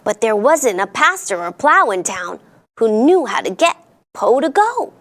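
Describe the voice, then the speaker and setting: A woman's voice: a little high, very animated, measured pace, a bit bright. A woman hosting a children's storytime, reading a picture book aloud in a sing-song storyteller voice and putting on playful voices for the characters.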